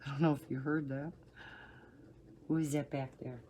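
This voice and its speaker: A middle-aged woman with a low, soothing voice, chatting casually and rambling with soft laughs while she colors. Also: flat delivery, moderate pace, a little hiss or hum. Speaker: coloring channel host.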